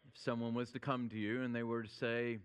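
A man preaching a sermon, speaking emphatically and slowing down when he quotes scripture. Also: medium pitch, level tone, smooth, in a large hall. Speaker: pastor.

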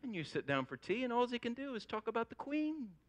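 A man delivers a sermon, his voice pitched high and ringing clean and smooth. He tells his story in an animated way, leaning hard into the key phrases. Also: fairly quick. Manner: animated storytelling with rising emphasis. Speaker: pastor.

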